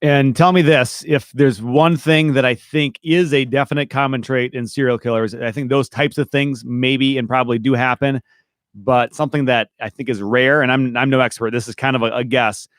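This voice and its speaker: Man, podcast host, mid-pitched voice, thoughtful, asks questions, dry close sound. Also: fairly even intonation, moderate pace, no echo. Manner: reflective, asks probing questions. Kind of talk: conversational podcast talk.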